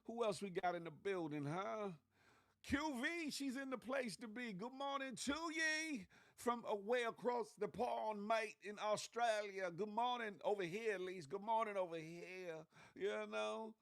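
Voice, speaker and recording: Male morning show host on a phone mic, slangy hype-man shout-outs, voice sits a bit high, dry close sound. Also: measured pace, vocal fry, dry recording. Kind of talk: casual livestream morning show.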